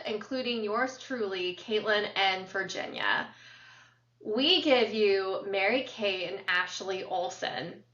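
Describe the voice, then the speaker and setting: A woman co-hosting a podcast, chatting casually as an animated storyteller who fills her talk with ums and uhs. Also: medium pitch. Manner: animated storyteller, lots of fillers. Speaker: podcast co-host. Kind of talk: casual chat. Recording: roomy, distant, dull sound.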